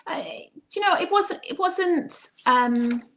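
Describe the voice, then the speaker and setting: A woman's voice: high voice, animated, takes it slowly, a bit bright. A woman co-hosting a casual discussion, speaking candidly and emphatically. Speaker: co-host.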